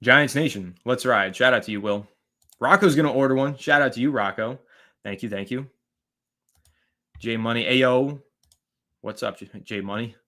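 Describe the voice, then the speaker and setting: A chatty male host with a sharp, bright voice. He talks loosely and rambles as he reads viewer comments on a live stream, shouting out people by name between his thoughts. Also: medium pitch, normal speed, pauses often.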